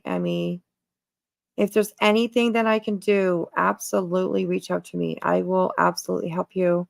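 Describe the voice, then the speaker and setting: A woman hosting a livestream greets viewers in casual chat, repeating herself and using many fillers. Her creaky voice is medium-pitched with fairly even intonation, at normal speed, with no echo.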